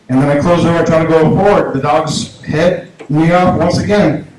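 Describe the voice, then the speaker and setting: A man's voice: fairly high pitch, steady tone, moderate pace, darkish tone. A man doing a stand-up set, telling a story in a rambling way with many restarts. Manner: rambling, restarts often, acts out quotes in a raised voice. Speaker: stand-up comedian. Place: small comedy venue. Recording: very echoey room, faint noise.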